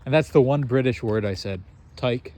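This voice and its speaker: A young American man in casual chat, telling an animated, self-mocking story and laughing often. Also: medium pitch, fairly quick, noisy background. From United States.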